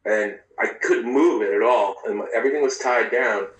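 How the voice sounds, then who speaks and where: A man recounting his own past in an interview, speaking candidly and haltingly, with frequent profanity and restarts. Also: on the low side. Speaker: interview guest. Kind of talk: personal storytelling in a podcast interview. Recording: roomy, distant mic.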